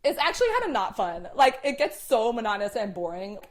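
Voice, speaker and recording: A woman's voice: fairly high pitch, quick pace. Chatty young woman full of fillers. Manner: animated, swearing, many "like" fillers. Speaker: host. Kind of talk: casual chat.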